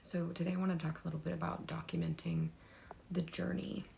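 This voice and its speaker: Hoarse, gravelly woman vlogging. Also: lowish voice, level tone, brisk, background noise. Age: young adult. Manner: rambling, frequent fillers, drops into whispers. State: losing her voice, hoarse. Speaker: artist vlogger. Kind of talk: unscripted talk to camera.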